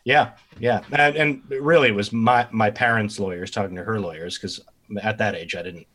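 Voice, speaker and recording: A man from Long Island, a podcast guest, answering questions in a halting way with fillers and soft laughs. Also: fairly low pitch. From Long Island, New York. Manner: hesitant, starts over with fillers and laughs. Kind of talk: casual interview chat.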